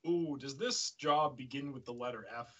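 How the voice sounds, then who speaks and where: A man's voice: medium pitch, normal speed, bright, forceful tone. A man chatting as co-host, dropping cheeky, joking asides. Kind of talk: casual chat.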